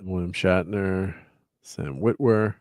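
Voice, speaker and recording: Stream host, male, low voice, dry close sound, loose rambling delivery full of fillers. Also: slow pace, darkish tone, no echo. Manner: rambling, chuckling, filler-heavy while fiddling with slides. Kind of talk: casual chat on a livestream.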